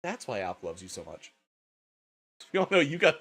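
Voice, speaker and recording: A man's voice: medium pitch, sing-song, measured pace, fairly bright tone, breathy edge. A man hosting a casual livestream, sleepy and tired, swearing often and laughing a lot. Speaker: livestream host.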